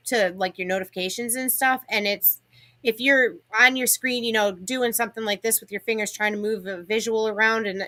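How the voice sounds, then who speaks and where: A woman co-hosting a casual livestream, telling stories in a chatty, animated way. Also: on the high side. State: has the hiccups. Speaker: livestream co-host.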